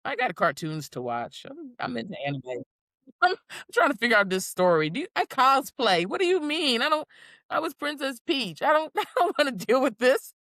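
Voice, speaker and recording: A woman's voice: sits high, moderate pace, no room sound. A woman co-hosting a podcast in casual chat, telling stories animatedly and acting out quotes in changing voices. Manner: animated storyteller, acts out quotes in shifting voices. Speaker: podcast co-host.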